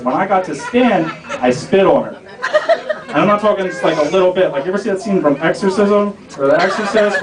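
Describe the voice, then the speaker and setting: A young man doing a stand-up set in a lounge, rambling loosely toward deadpan punchlines. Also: a little high, far from the mic. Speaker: stand-up comic. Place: small restaurant lounge stage. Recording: roomy club sound, from off-mic, loud crowd. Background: audience laughter.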